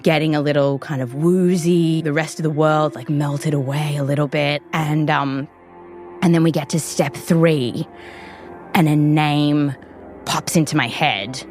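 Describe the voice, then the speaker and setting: Chatty Australian woman, lower-pitched. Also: steady tone, measured pace, a little mellow, faint music behind. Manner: chatty, lots of likes and ums. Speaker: podcast host. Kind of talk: conversational storytelling.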